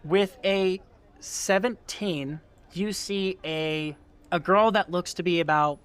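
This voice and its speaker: A man's voice: high-pitched, slow pace, a bit bright. A man narrating as game master in a casual, rambling way full of fillers.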